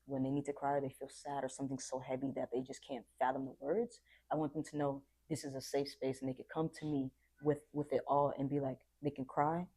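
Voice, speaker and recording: A woman's voice: a bass voice, little pitch movement, a little fast, few pauses, dark tone, husky. A young adult woman talking earnestly and reflectively in a casual podcast conversation, sometimes acting out what people said. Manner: reflective, earnest, acts out quoted voices.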